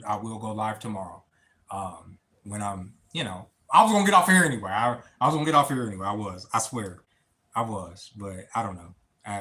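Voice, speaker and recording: A man, talking on his own livestream, near tears, halting and repeating words as he speaks to his viewers. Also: fairly low pitch, fairly bright tone, slight background noise. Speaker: livestream host. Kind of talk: emotional personal talk on a livestream.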